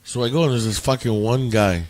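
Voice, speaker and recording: A man, a former bouncer and podcast guest, telling a story in an animated, profane way. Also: mid-range voice, brisk. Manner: animated, swears a lot. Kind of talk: casual storytelling. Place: indoors, home.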